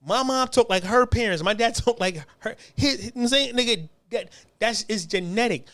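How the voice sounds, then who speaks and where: A man's voice: very high voice, a little fast, a bit bright. A man from the United States ranting in a casual, profane, rambling way, often stumbling and restarting his sentences. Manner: rambling, repetitive, heated, frequent stammered restarts. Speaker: commentary channel host.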